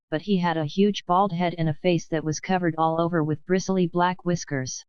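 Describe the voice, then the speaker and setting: A woman reading a children's storybook aloud, measured and expressive. Her voice is lowish and smooth, recorded dry and close, with a slightly dull top end. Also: dry recording. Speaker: audiobook narrator. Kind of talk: scripted storybook narration.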